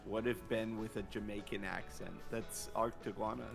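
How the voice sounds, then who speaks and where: Over background music, the co-host of an art stream talks at normal speed in a voice on the low side, level in tone and touched with vocal fry. He keeps things casual and relaxed while reading out questions from viewers during the drawing livestream.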